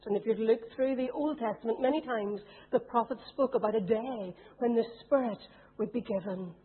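A woman's voice: on the high side, normal speed, slightly rough. A woman preaching a sermon, putting questions to her congregation. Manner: asks the congregation rhetorical questions. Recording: tinny phone-like sound.

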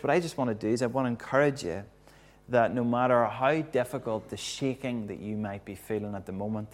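A man preaching a sermon in an earnest, reflective way, often dropping to a soft hush to make a point. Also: on the low side.

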